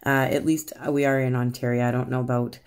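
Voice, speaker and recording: Canadian woman, very deep voice, giggly chatty tutorial host, rambling. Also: flat delivery, a little fast, a little mellow, clean tone. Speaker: rock painting channel host. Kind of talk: casual painting tutorial chat.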